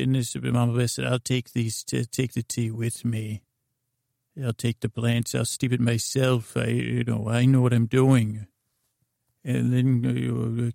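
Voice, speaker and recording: A man improvising a rambling bedtime story, halting often with fillers and restarts. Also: mid-range voice, gravelly, dark tone, dry recording, clean studio sound.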